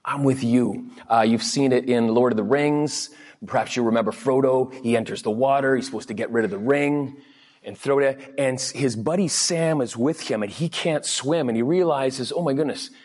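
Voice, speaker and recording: A man delivers a sermon in an easy, conversational way, telling stories and slipping into lively voices when he quotes people. His voice has a husky, breathy edge at a middling pitch. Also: moderate pace. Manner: chatty and anecdotal, quoting people in lively voices. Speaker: guest preacher.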